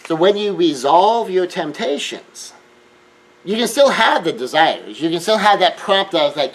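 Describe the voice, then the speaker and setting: A man giving an earnest self-help lecture, shifting between hushed remarks and emphatic raised lines. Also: high voice, big pitch swings, a little slow, rough recording. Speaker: speaker.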